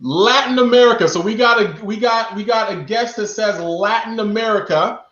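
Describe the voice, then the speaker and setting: This show host speaks at normal speed in a high-pitched, somewhat bright voice, teasing his guest with quiz questions during a live online broadcast. Playfully, he reads chat guesses aloud and echoes questions back to viewers, captured in an echoey room with dull lo-fi quality.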